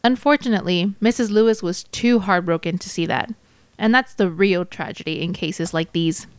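A woman's voice: on the low side, moderate pace, clean tone, no echo, natural voice. A woman reading as a cynical male ambulance-chasing lawyer, in a wry, hard-boiled first-person storybook narration. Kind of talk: audiobook narration.

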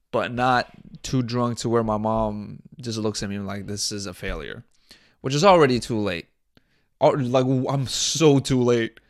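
A man's voice: mid-range voice, no room sound, studio quality. A young man hosting his own podcast, talking casually in a crude, joking, rambling way with bursts of mock outrage. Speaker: podcast host. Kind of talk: casual solo podcast monologue. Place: small indoor set.

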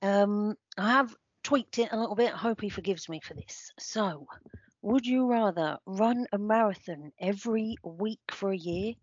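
Someone voicing an odd, dry male stats guru, delivering deadpan one-liners on a comedy podcast. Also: mid-range voice, unhurried, lightly acted. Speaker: regular segment judge. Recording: slightly dull lo-fi sound.

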